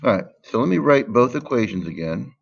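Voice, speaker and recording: A man's voice: mid-range voice, sing-song, brisk, creaky, highs cut off. A man teaching math in a screen-recorded lesson, patiently stressing key words and thinking aloud with fillers.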